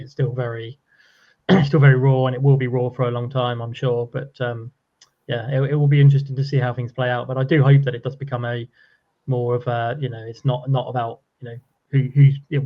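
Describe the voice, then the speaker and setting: A man's voice: mid-range voice, muffled recording. A man speaking thoughtfully and hesitantly on a webinar panel, with many fillers and restarts.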